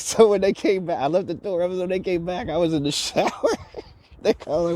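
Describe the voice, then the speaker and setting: A man vlogging outdoors while exploring a city tells a rambling travel story in a slightly high, expressive, brisk voice with a darkish tone and no echo. He swears, laughs a lot and mimics the people in his tale.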